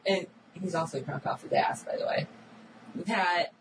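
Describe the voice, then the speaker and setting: A woman co-hosting a casual recap chat about a TV episode, animated and acting out characters' lines. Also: fairly low pitch, a little slow. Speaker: podcast co-host. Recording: distant mic with audible background noise.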